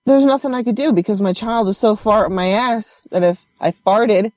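A woman telling a story in casual conversation, animated and swearing as she acts out what others said. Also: mid-range voice, moderate pace, no room sound.

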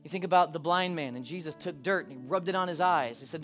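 A pastor preaching a sermon, moving between hushed, intimate moments and loud, animated bursts. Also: male voice, on the high side, fast. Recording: preaching over live keyboard music.

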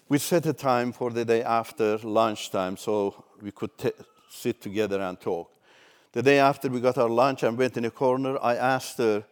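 A man preaching a sermon, swinging between loud emphatic declarations and soft asides. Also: mid-range voice, normal speed.

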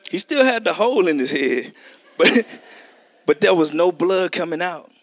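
A man's voice: high-pitched, lively intonation, moderate pace, fairly bright tone, no room sound. A middle-aged man preaching a testimony sermon, telling a story animatedly and acting out the dialogue. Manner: conversational, addresses listeners as y'all.

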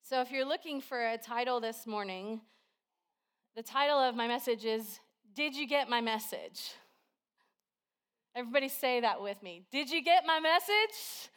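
A woman preacher with a somewhat high voice gives a sermon at a church service. She talks in a relaxed, conversational way and weaves everyday stories into her preaching. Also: moderate pace, pauses often. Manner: chatty and conversational, with storytelling.

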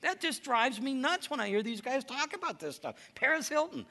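A man preaching a lively, emphatic sermon to a congregation. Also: extremely high pitch, moderate pace, gravelly, hardly any pauses. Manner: lively storytelling, animated and emphatic.

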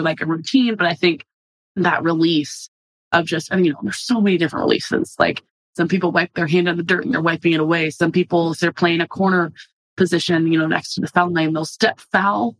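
A woman's voice: fairly low pitch, no room sound. Chatty young woman on a podcast. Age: 20s. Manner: animated and chatty, many "like"s. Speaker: college softball player, guest. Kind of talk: casual interview talk.

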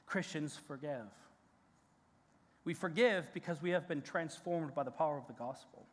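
A man's voice: a little high, a bit bright. A male pastor preaching a sermon in a conversational, emphatic way, with restarts and rising peaks of intensity. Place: church sanctuary. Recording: long church hall reverb.

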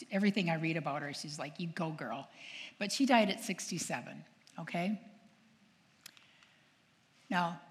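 An older woman, a nun, telling stories to an audience in a lively way, acting out quoted voices and asking her listeners questions. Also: fairly low pitch. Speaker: nun and speaker. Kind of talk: storytelling talk to an audience. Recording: long hall reverb.

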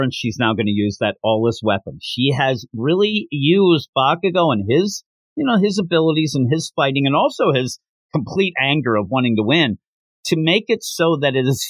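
A man hosting a manga podcast, recapping a chapter in casual commentary and breaking into quick acted quotes. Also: medium pitch, no room sound. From United States. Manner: animated, breaks into quick acted quotes and mock announcer yells.

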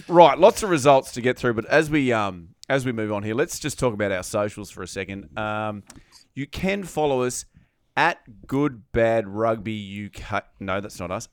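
A man's voice: medium pitch, lively intonation, a little slow, a bit bright, no echo. A man hosting a casual podcast, teasing his co-hosts with cheeky banter before moving through segments. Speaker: podcast host. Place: studio.

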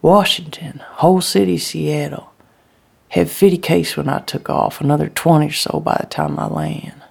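A woman voicing a frightened sick man who talks in a rough, plain-spoken dialect. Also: deep voice, steady tone, normal speed, a little mellow, heavily acted. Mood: scared.

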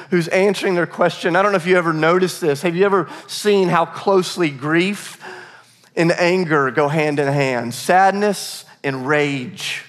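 Earnest pastor preaching in a reverberant hall. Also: male voice, fairly high pitch, a bit bright. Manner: earnest, repeats words, varies pace for emphasis. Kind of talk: sermon. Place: church sanctuary. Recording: long reverb of a large hall.

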